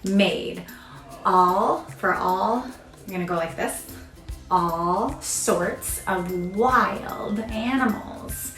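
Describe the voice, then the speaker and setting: A woman teaching children a verse in sign language with slow, step-by-step instructions. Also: medium pitch, a bit bright, faint music behind. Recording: echoey room.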